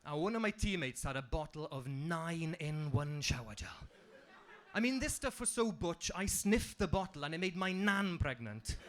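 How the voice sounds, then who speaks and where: A man's voice: fairly high pitch, lively intonation, moderate pace, fairly bright tone. A young man with a strong Welsh accent performing a stand-up comedy set on a club stage, delivering punchlines dryly. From Wales.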